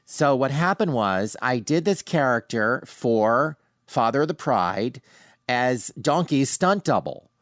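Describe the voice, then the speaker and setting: A middle-aged man hosting a podcast, casually telling animated anecdotes from home with frequent restarts. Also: medium pitch, takes it slowly, no echo, studio quality. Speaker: podcast host. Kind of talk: casual storytelling monologue. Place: home, sitting on a couch.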